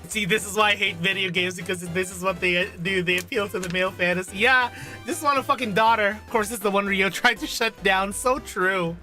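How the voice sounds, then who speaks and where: A woman streaming a video game, chatting casually and reading the game text aloud in an animated, gushing way, swearing now and then. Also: mid-range voice, brisk, faint music behind.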